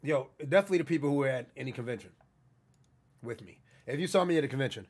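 A young man from New York talks quickly and casually on a live stream, shouting out donors in street slang. His voice is gravelly and forceful, with a rough, raspy edge, and sits a little high for a man. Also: expressive. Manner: loud, hyped shout-outs to donors in heavy street slang. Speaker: livestreamer. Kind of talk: casual livestream chat reading out donations.

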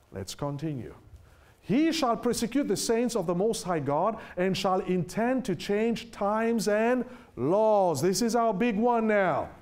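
A man preaching with a high voice that swings widely in pitch. He drives each point home, keeps asking his listeners questions, and slows right down to read scripture aloud. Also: a little mellow. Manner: emphatic, asks the listeners rhetorical questions; reads scripture aloud slowly with heavy stress. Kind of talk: sermon.

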